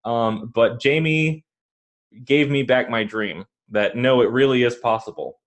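A man sharing a personal story on a podcast, loose and conversational, pausing and restarting often. His voice sits at a middling pitch. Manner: rambling, full of fillers and restarts. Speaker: podcast co-host.

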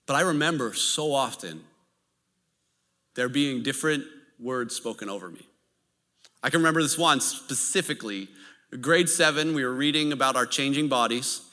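Male pastor, animated storytelling sermon, bright tone, long hall reverb. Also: medium pitch, normal speed, long pauses. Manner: animated, anecdotal preaching with laughs.

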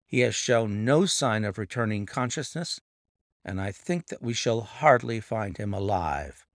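A man playing an agitated young man, earnest, lively pitch, gravelly, close and dry. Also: measured pace, no room sound. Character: distressed young man telling his tale.

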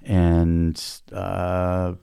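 Very deep-voiced man swearing casually. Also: completely flat delivery, very slow, vocal fry, mellow, clear, resonant tone, no echo, studio quality. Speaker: podcast co-host and author. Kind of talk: casual chat.

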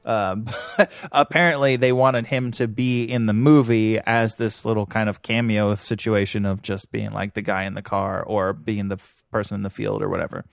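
A man's voice: fairly low pitch, little pitch movement, normal speed, gravelly, hardly any pauses, no echo. A man co-hosting a film podcast, telling a story in casual chat and laughing often. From Minnesota. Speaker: podcast co-host.

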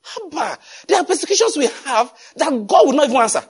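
A man with a Nigerian accent preaching a conversational, digressive sermon, swinging from hushed asides to loud emphasis. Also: very high voice, very animated, fast talker. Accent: Nigerian English. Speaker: pastor.

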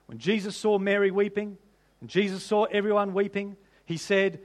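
Male pastor, high voice, conversational sermon delivery with questions to the room. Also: fairly even intonation, moderate pace. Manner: conversational preaching with rhetorical questions to the congregation.

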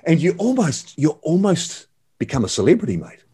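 A man's voice: a little high, wildly swooping pitch, moderate pace, dark tone, husky. A man, talking as an enthusiastic, slangy guest in a casual interview. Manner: enthusiastic, slangy, calls the host mate.

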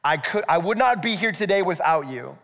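A man's voice: sits high, animated, brisk, a bit bright. A male pastor preaching a sermon in a conversational, explanatory way, with rhetorical asides to the congregation. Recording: echoey hall, long reverb.

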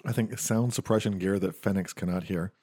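A man's voice: low voice, steady tone, a little fast, mellow. A man co-hosting a podcast, cracking wry jokes in casual chat. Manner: wry, joking. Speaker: podcast co-host.

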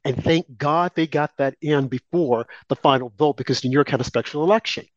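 A man's voice: a little high, brisk, no room sound. Heated man, dull dry lo-fi sound. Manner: emphatic, heated, addresses co-host directly. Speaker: co-host of political talk show. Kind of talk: opinionated political commentary.

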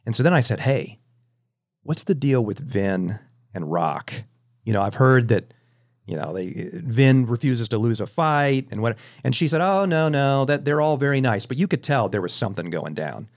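Guy hosting a movie podcast, super expressive voice, rambles thru his stories. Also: on the low side, normal speed. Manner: animated anecdotes with frequent restarts. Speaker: podcast host. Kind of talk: casual storytelling chat.

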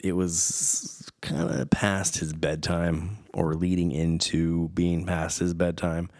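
A man hosting a podcast, rambling through a home story with tangents and self-deprecating asides. His voice sits very low and deep. The sound is dry and close, with no room around it. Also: dry recording. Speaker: podcast host, father. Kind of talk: casual rambling monologue. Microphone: studio microphone.

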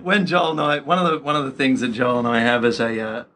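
A man's voice: mid-range voice, fast talker, bright, forceful tone, a little hiss or hum. A man as a podcast guest, chatting in an easygoing, self-deprecating way. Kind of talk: casual chat.

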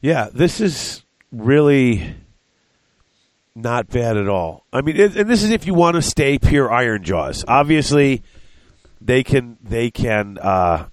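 A man's voice: mid-range voice, big pitch swings, slow, dry recording. A man in casual hobby chat, thinking aloud as he works out prices and corrects himself.

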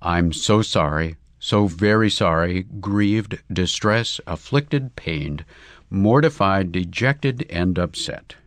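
A man voicing a gentle, sympathetic young Englishwoman who talks in strings of synonyms, in a storybook reading. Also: deep voice, takes it slowly, dry recording. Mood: earnest. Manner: earnest, piling up synonyms.

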